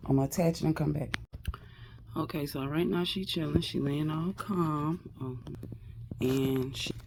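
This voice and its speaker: A woman talks casually to her phone camera at home, easy and slangy. Her voice sits low, with a gravelly edge of fry in it. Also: measured pace, background noise. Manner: chatty, coaxing, slangy. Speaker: pet vlogger. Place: home, indoors.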